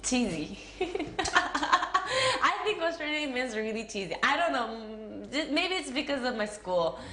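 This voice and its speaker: A young woman with a Japanese accent chats through interview answers in a slightly high voice, giggling and leaning on filler words. The room around her is echoey, with a faint hiss of background noise. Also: sing-song, moderate pace, a bit bright. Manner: chatty, giggly, many fillers like "like". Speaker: interviewee, actress.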